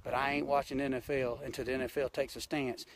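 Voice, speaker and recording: With a medium-pitched, flat delivery and fast pace, a Southern-accented hunting show host from Georgia rants bluntly and folksily on a live stream, background noise audible. He's outdoors on a mountain, filmed on a handheld phone.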